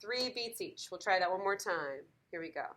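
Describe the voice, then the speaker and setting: A woman's voice: fairly low pitch, lively intonation, moderate pace, fairly bright tone. A woman teaching piano in a lesson video, encouraging and counting beats aloud.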